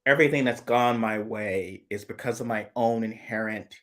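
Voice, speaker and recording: A man with a lowish voice speaks at a moderate pace as co-host of a casual live chat. He muses aloud in lengthy, analytical digressions, rambling and often starting over.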